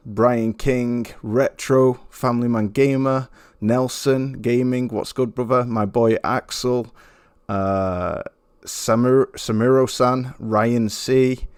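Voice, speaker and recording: A man's voice: lowish voice, dry recording, clean studio sound. A man hosting a gaming podcast, hyped and slangy, with plenty of fillers. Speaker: podcast host. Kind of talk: casual podcast intro.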